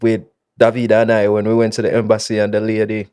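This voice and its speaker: A man's voice: lowish voice, completely flat delivery, fast, warm tone, clean tone. Give me a chatty young man telling stories. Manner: chatty storyteller, many fillers and laughs. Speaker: podcast host. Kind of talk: casual chat.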